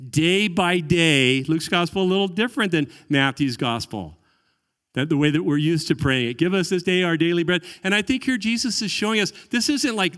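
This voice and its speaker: Male pastor, higher voice, earnest sermon delivery, long hall reverb. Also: clean tone. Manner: earnest preaching, drops to quiet voice for quoted prayers.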